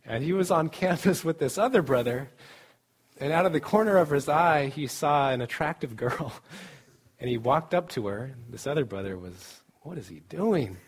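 A man's voice: fairly high pitch, expressive, moderate pace, husky. A middle-aged man giving a casual, joking sermon at a student camp, often laughing as he speaks. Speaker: campus ministry speaker.

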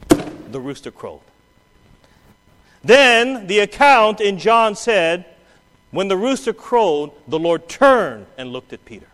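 A man preaching a sermon, swinging between loud quoted outbursts and low, quiet asides. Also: sing-song, slow pace, long pauses. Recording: long hall reverb.

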